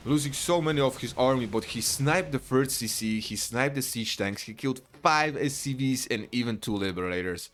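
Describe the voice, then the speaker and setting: A man casting a real-time strategy match live, chatty and quick to burst into excited shouts. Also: mid-range voice, a little hiss or hum. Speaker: esports caster. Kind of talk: live play-by-play game commentary.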